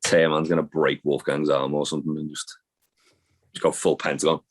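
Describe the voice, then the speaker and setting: A man's voice: extremely low pitch, flat delivery, fairly quick, breathy edge. A man co-hosting a podcast, rambling and profane in fond, casual banter. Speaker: podcast co-host. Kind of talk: casual chat.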